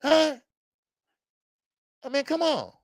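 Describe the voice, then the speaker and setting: A man hosting a boxing live stream, reading viewer comments and ranting in an animated way, with many stammered fillers. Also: extremely high pitch, takes it slowly, dry recording. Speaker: boxing channel host.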